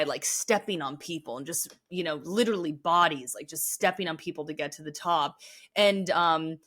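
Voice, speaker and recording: A woman's voice: lowish voice, fairly bright tone. A woman guest on a podcast, talking casually and earnestly with lots of "like" fillers, openly sensitive. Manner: earnest, heavy use of "like" fillers; sensitive, emotionally open. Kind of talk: casual chat.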